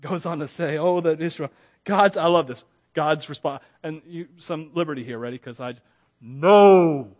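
High-voiced, animated preacher laughing through a story. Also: male voice, brisk, hardly any pauses. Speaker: pastor. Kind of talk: sermon.

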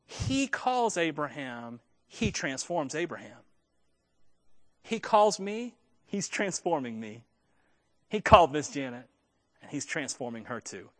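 A male pastor delivering a Sunday sermon in a church. His voice sits high for a man. He talks with animated energy, slipping in joking asides and teasing his listeners. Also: measured pace, pauses often.

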